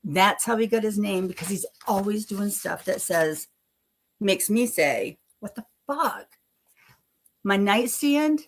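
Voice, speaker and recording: Slow-talking gravelly woman, chatty and rambling. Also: mid-range voice. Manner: chatty, self-deprecating, laughs often, swears casually. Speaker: live stream host. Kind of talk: rambling casual live chat.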